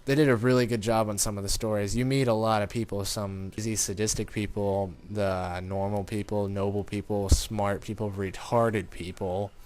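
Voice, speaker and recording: A man with a fairly low voice talks through a game in casual commentary. He rambles in an informal way and speaks directly to his viewers. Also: level tone, normal speed, few pauses, a little mellow, slight background noise. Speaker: gaming commentator.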